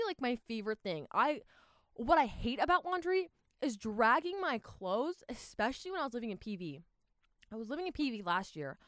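A young woman from Southern California talking casually to her viewers in a rambling, animated vlog with lots of fillers and restarts. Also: fairly high pitch, no echo, studio quality. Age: young adult. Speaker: vlogger.

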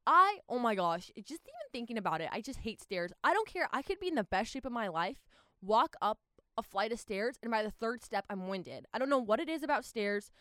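A young woman from Southern California talking casually to her viewers in a rambling, animated vlog with lots of fillers and restarts. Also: a little high, a little fast, no echo, studio quality. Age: young adult. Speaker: vlogger.

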